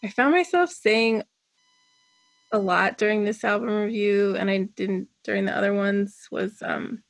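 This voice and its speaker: A woman's voice: mid-range voice, measured pace, creaky, no echo. A woman co-hosting a podcast over a video call from home, chatting casually in a candid, offhand way. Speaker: podcast co-host. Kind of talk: casual chat.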